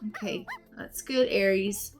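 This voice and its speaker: A woman voicing a gentle young mother in a game, talking softly and coaxingly to her little son. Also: mid-range voice, measured pace, soft background music, close to an everyday voice. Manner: soft, coaxing, sing-song.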